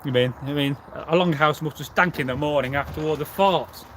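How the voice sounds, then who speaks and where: A man's voice: on the high side, a little fast, fairly bright tone, slight background noise. A man, a history channel host answering viewers in a rambling, casual live chat full of fillers. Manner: rambling and chatty, with many fillers and restarts.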